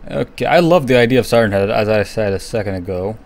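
A man's voice: lowish voice, animated, fast, vocal fry, a little mellow, a little hiss or hum. A young man giving nervous running commentary while playing a horror game, often dropping to a whisper. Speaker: gaming streamer.

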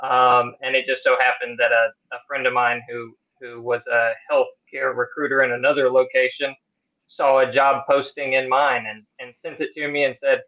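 A man who supervises a hospital team, answering interview questions in a friendly, relaxed storytelling way. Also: mid-range voice, moderate pace, phone-quality sound. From Louisville, Kentucky.

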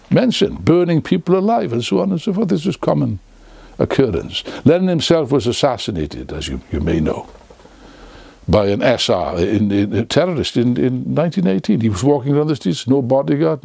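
A man's voice: mid-range voice, very animated, fairly quick, creaky, warm tone, slightly rough, no echo. An older man giving an impassioned, unscripted lecture to camera, full of sarcastic asides and restarts, close on the mic. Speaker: political speaker.

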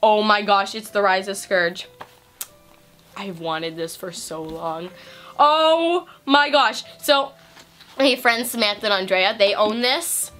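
A woman hosting a casual vlog at home, excitedly gushing and giggling as she opens presents. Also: mid-range voice, a little slow. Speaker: vlog host. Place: at home on Christmas Eve.

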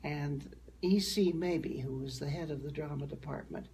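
An older woman from the American Midwest, a guest actress telling animated stories in a conversational interview. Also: sits low, moderate pace, slight background noise. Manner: storytelling, animated.

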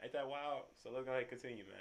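A man's voice: medium pitch, rapid-fire. A young man hosting a music reaction video, talking loosely in with lots of slang and fillers. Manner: laid-back, loose slang and frequent fillers. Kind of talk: casual reaction commentary.

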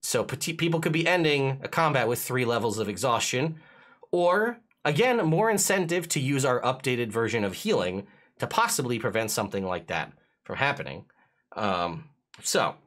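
A man acting as game master for a streamed tabletop game, explaining rules in an excitable, chuckling way. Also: mid-range voice, normal speed.

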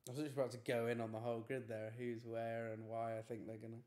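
Male streamer, relaxed chatty read of chat, mid pitch, unforced. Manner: chatty, easygoing, quick to brush off teasing. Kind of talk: casual live-stream chat.

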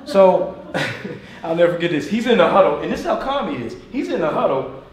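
Animated man telling stories in an echoey room. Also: sits high, brisk. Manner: lively storyteller, laughs often, shifts between loud and hushed. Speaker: motivational speaker. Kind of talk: live talk and Q&A with an audience. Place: meeting room with an audience. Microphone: far from the mic. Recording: echoey room, distant mic, room noise.

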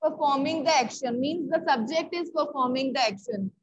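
A woman's voice: high voice, normal speed, dull audio. A woman with an Indian English accent teaching an online English grammar class, repeating key words and checking often that students follow.

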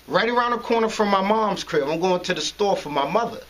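A man from New to match, tells a story from the block in an easy interview. His voice sits high for a man, and he talks in animated, slangy bursts. He acts out every exchange and laughs along the way. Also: fairly quick, a little hiss or hum, rough recording. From New York. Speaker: interview guest telling a story. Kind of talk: casual street storytelling.

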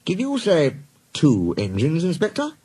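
A man playing a stern, husky old railway boss. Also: fairly high pitch, wildly swooping pitch, mellow, voice pushed up, heavily acted. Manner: brisk and commanding, dryly patient. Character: stern, stout, elderly male railway boss.

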